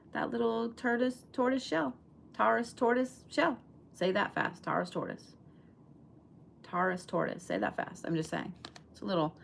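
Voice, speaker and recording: A woman leads a casual live tarot reading and talks straight to her viewers. Her voice sits a little low for a woman. She is emphatic and chatty, and she swears in passing. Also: vocal fry, fairly bright tone, slight background noise. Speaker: tarot reader.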